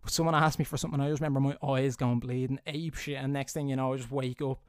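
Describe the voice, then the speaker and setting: A man's voice: mid-range voice, fairly even intonation, fast, smooth, dry recording. A young Irish man telling stories casually into a close mic, rambling, laughing and swearing as he goes. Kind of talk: casual anecdotal storytelling. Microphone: close studio mic.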